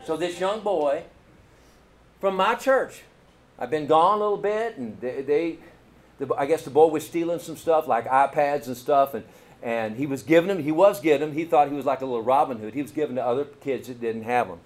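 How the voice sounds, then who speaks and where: Kentucky-accented man, middle-aged pastor, folksy storytelling sermon, slightly raised pitch. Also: moderate pace. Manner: folksy, animated, calls out "Amen?" to the congregation.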